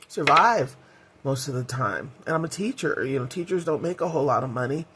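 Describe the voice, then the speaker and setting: A woman's voice: low-pitched, expressive, normal speed, a bit bright, a little hiss or hum. A middle-aged woman vlogging in a candid, heartfelt way, rambling with fillers as she talks. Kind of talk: casual personal vlog.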